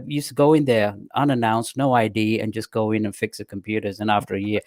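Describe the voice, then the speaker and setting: An older man with a London accent tells chatty stories as a podcast guest. His voice sits low, and he often restarts his sentences. The sound is dry and close, with no room around it. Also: flat delivery, quick pace, hardly any pauses, darkish tone, no echo. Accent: London English. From England. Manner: chatty anecdotes with frequent restarts. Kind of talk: casual storytelling chat.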